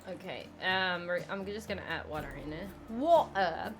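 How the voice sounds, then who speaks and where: A woman's voice: on the low side, brisk, bright, forceful tone, faint music behind. A woman streaming a zoo-building game live, chatting, exclaiming in frustration, laughing and thanking viewers by name. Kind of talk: live gameplay stream chat.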